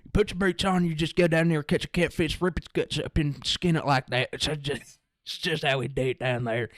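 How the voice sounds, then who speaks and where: A man's voice: fairly high pitch, fairly even intonation, fairly quick, a bit bright, pitched above the performer's own voice, natural voice. A man voicing a boastful country fisherman in an exaggerated rural American country drawl, drawling and folksy. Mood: swaggering. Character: boastful country man spinning fishing tales. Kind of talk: comic impression in a podcast monologue.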